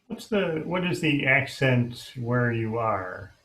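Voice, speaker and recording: A man's voice: mid-range voice, expressive, slow pace, a bit bright, rough recording. A man who hosts the interview and works as an editor, talking casually over a video call with many restarts. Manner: hesitant, with repeated restarts. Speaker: host and editor.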